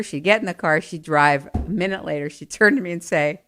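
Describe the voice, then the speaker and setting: A middle-aged woman telling family stories in an animated, self-mocking way, swinging from quiet asides to loud bursts. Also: on the low side, a little fast. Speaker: storyteller. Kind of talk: personal storytelling.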